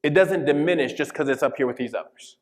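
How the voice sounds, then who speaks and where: A man's voice: on the high side, quick pace. Emphatic man presenting in a reverberant hall. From Colorado, USA. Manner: emphatic, checks in with the audience often. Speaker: diversity workshop presenter. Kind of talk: interactive workshop presentation. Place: conference session room. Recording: long reverb of a large hall.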